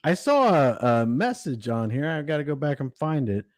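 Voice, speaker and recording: A man's voice: fairly high pitch, big pitch swings, normal speed, a little mellow, no echo, clean studio sound. A man co-hosting a casual livestream, hesitant and full of fillers. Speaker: livestream co-host.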